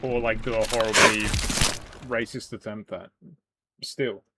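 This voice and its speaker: A British man chats casually as he plays on stream. He rambles and pokes fun at himself, scattering "like" through his sentences. Loud constant noise and clicking sit under his voice. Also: lowish voice, level tone, a little slow. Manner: rambling, lots of "like" fillers, self-deprecating. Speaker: gaming streamer. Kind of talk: casual stream chat while playing.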